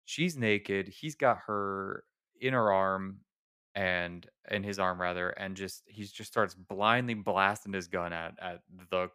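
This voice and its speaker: A man co-hosting a podcast, rambling through a movie scene with laughs and quick bursts of acted-out dialogue. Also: sits low, bright, forceful tone, clear, resonant tone, no room sound, studio quality. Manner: rambling, laughing, acts out characters' lines. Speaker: podcast co-host. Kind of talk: casual chat recapping a movie.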